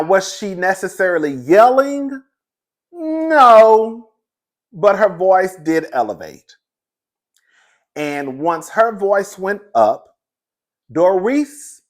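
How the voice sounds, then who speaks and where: A young man recapping a reality show in casual, sassy commentary, laughing often and calling the listener "girl". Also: sits high.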